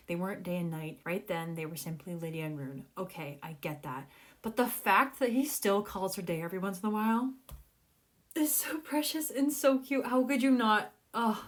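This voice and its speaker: A young adult woman reading a fantasy novel aloud and reacting in an excitable, gushing way, breaking into laughter often. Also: medium pitch. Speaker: book vlogger.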